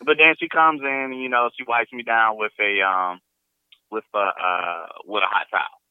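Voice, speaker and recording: A man in his fifties hosting a podcast, telling a crude story in a casual, animated, laughing way. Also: fairly low pitch, normal speed, clean tone, no echo. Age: 50s. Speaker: podcast host. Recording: dull, dry lo-fi sound.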